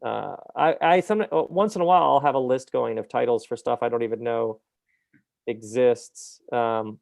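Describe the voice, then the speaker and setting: A middle-aged man with a gravelly, creaky edge to his voice chats as an author in an interview. He is animated and reflective, often laughing at his own points. He is recorded close and dry, with no room sound. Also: mid-range voice, normal speed, no room sound. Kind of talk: casual interview conversation.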